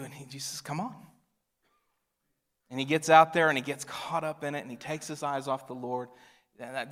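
A male pastor preaching a sermon, swinging from loud emphatic lines to hushed near-whispers. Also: mid-range voice. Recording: long reverb of a large hall.

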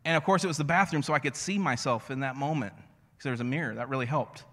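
A man preaching a sermon as a pastor, conversational and storytelling, slowing to a hush on key phrases. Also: medium pitch, long reverb tail. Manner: conversational, storytelling with self-deprecating asides.

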